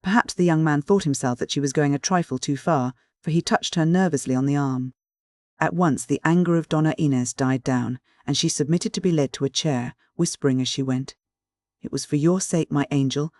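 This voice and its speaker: An audiobook narrator giving a measured, even reading of a classic mystery. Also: medium pitch, no echo, studio quality.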